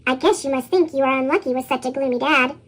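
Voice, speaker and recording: A woman voicing a gloomy but loving father in a storybook reading, her voice sped into a squeaky chipmunk pitch. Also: fast talker. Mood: comforting. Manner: gentle, reassuring storybook voice. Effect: chipmunk pitch shift.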